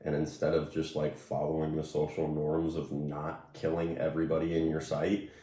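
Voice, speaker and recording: A man with a very low voice answers questions in an easygoing, chatty manner. His tone is mellow and warm, and the recording has the roomy echo of a bare room. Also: normal speed, recorded from a distance. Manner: relaxed, conversational, with fillers. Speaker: interviewee. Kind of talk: casual conversation.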